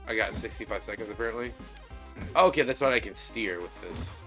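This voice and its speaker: A man giving casual, animated let's-play commentary, talking to viewers as he plays. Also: lowish voice, brisk, soft background music. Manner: animated, excitable, talks to viewers. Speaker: gaming video creator.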